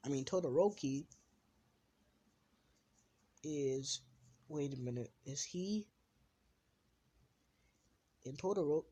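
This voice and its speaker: Husky young man rambling through a story. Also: fairly high pitch, expressive, slow, long pauses. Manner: rambling, self-interrupting, trailing off quietly. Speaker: channel host telling a fan story. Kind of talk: casual improvised storytelling.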